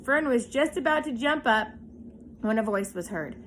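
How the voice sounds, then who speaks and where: A woman reading a children's chapter book aloud with expressive storytelling. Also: on the high side, normal speed, background noise. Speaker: storybook reader. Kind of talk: children's read-aloud narration.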